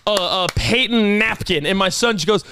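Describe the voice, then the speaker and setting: A man's voice: high voice, normal speed, background noise. A man co-hosting a podcast, telling a story in casual chat and acting out the lines of the people in it. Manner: animated storyteller, acts out other people's lines. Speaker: podcast co-host.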